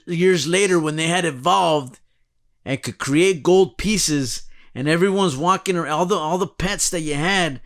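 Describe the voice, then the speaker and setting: A man's voice: high-pitched, a bit bright. A man hosting a casual podcast, rambling through a profane comic rant and laughing at his own jokes. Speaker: podcast host.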